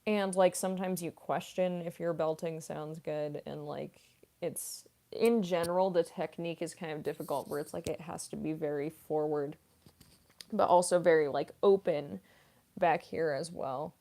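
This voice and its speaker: Deep, creaky, and dark, her voice holds a steady tone at a moderate pace. The speaker is a voice actress and streamer with classical singing training, casually answering viewer comments on a livestream and using many fillers such as "like" and "um."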